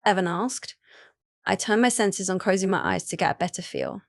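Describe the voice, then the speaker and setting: A woman narrating a first-person romance audiobook in an even, unhurried reading voice. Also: medium pitch, gravelly, no echo, studio quality.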